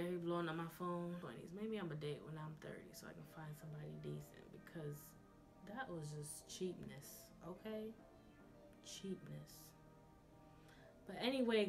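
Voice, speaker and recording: Young woman vlogger, sassy and animated, telling a story to her viewers over soft background music. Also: on the low side. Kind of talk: storytime vlog.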